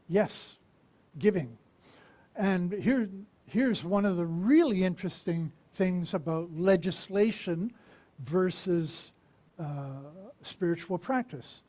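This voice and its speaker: A minister giving a conversational sermon, asking the congregation questions and pausing to reflect. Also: mid-range voice, dark tone. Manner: unhurried and reflective, with pauses.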